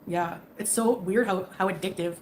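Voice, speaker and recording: A woman's voice: fairly low pitch, steady tone, moderate pace, a little hiss or hum. A woman chatting casually on a live stream, giggling and rambling while greeting viewers by name. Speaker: livestreamer.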